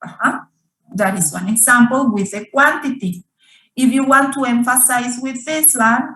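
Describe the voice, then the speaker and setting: A woman's voice: a little high, a little slow, pushed and bright, slight background noise. A woman teaching an online English grammar lesson over a video call, repeating each point and asking her students questions. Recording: roomy sound from far off the mic.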